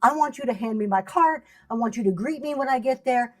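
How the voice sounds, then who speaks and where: A chatty middle-aged woman gives a casual livestream lesson on selling. Her voice sits a little high, and she laughs often and greets viewers by name. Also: lively intonation, a little fast. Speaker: live seller teaching selling.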